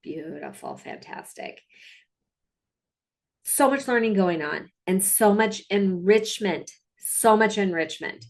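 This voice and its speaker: A woman's voice: mid-range voice, measured pace, hardly any pauses. Chatty upbeat woman dog trainer. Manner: chatty and upbeat, with many fillers and asides. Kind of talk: casual narration over video clips.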